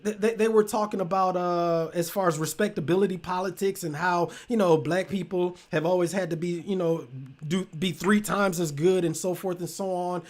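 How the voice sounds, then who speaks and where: A man's voice: high voice, steady tone, normal speed. A man hosting a show, ranting heatedly and with heavy profanity in casual commentary. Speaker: show host.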